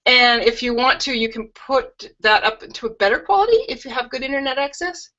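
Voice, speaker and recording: Bright, chatty middle-aged woman on a lo-fi call. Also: on the high side, brisk. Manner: chatty and rambling, with homey asides. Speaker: craft demonstrator hosting a live stream. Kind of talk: casual live-stream chat and product tour. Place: her home. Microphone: video call webcam. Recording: lo-fi video call audio.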